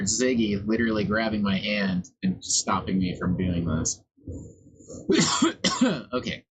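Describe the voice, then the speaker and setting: A man's voice: on the low side, fairly bright tone, slight background noise, poor audio. A man livestreaming while working on a song, chatting in a loose, rambling and profane way. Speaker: livestreamer making music. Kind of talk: casual live-stream chat.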